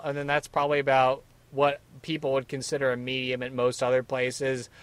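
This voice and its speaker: Bright punchy dude cohosting a podcast, jokey and chatty, dry close mic. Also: male voice, mid-range voice, moderate pace, hardly any pauses, smooth, no room sound. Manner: playful, riffing, laughs easily. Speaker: podcast co-host. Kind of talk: casual chat. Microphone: podcast mic with headphones, remote.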